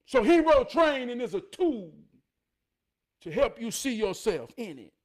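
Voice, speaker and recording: A man with a notably high voice delivers a motivational monologue. He preaches through stories, swinging from raised, emphatic passages to low, murmured asides. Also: very animated, unhurried. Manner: preachy, storytelling, swings from loud to near-murmur. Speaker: motivational speaker.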